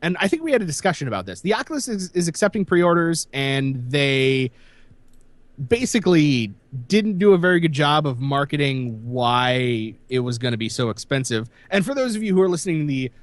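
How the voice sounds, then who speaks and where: A man's voice: a little high, a little fast, no echo. A man co-hosting a casual gaming podcast, rambling through the news with lots of fillers. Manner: animated, rambling with many fillers. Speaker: podcast co-host.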